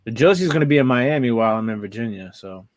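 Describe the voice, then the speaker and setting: A man's voice: medium pitch, animated, fast talker, no room sound. A man co-hosting a reseller podcast, talking in a laid-back, rambling way that often repeats words. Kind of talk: casual chat.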